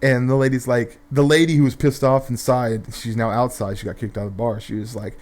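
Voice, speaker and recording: A man's voice: medium pitch, level tone, fairly quick, hardly any pauses, darkish tone. A young man telling a rambling, profane story in casual gameplay commentary, full of fillers and restarts.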